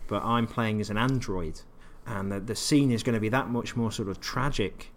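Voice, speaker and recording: A man co-hosting a podcast, chatting casually about video games and telling wry anecdotes. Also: lowish voice. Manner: wry storyteller, laughs at his own anecdotes. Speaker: podcast co-host.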